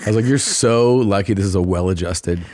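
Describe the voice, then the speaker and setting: A man in his forties co-hosting a podcast, telling a story casually and acting out other people's lines in high, squeaky voices. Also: fairly quick, no echo. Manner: animated, acts out quotes in high voices. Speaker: podcast co-host.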